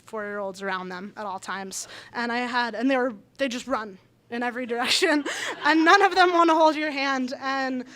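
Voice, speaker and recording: A young woman with a high, bright-pitched voice tells a personal story live in a small bar. She is chatty and animated, laughing often as she goes. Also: moderate pace. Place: small bar venue, indoors.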